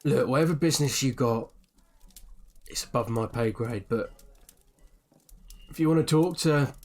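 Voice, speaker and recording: A man's voice: medium pitch, moderate pace, a little mellow, close to an everyday voice. A man doing a nervous, shady barman. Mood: nervous, evasive. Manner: hesitant, evasive, full of fillers.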